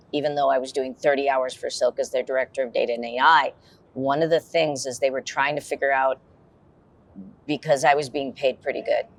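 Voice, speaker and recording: A woman on a podcast panel, telling a story in a chatty, wry way. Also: extremely low pitch. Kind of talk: casual panel chat.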